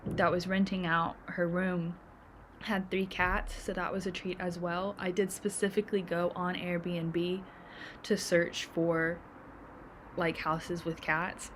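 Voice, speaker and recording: Slow-talking young American woman. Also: lowish voice, a little hiss or hum. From United States. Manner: chatty, acts out quoted voices. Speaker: streamer. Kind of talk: casual storytelling chat.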